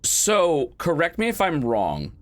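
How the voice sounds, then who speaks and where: A man's voice: on the high side, wildly swooping pitch, slow pace, a crowd in the background. A man who hosts the channel, playing in a tabletop game and chatting casually, rambling and breaking into laughter. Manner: rambling, laughing, stops and restarts. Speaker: player and channel host.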